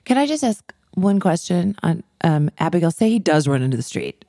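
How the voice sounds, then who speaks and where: A woman co-host who asks questions in a halting way, restarting as she searches for the words. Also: fairly low pitch, big pitch swings, dark tone, no room sound, clean studio sound. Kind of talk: podcast conversation.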